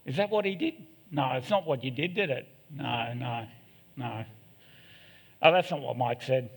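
A middle-aged man preaches a sermon in a church hall, candid and self-deprecating, tossing in joking asides. His voice is medium-pitched, gravelly, and a bit breathy, delivered at normal speed, with the hall's long echo behind him.

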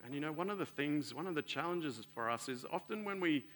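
A man preaching a sermon in an earnest way, swelling louder and then sinking soft and low. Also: lively intonation, a little fast, a little hiss or hum.

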